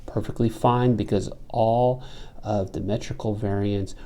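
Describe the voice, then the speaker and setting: A man giving a poetry lecture, explaining meter and reading verse aloud with slow, careful scansion. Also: lowish voice, fairly even intonation, dark tone. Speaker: literature lecturer.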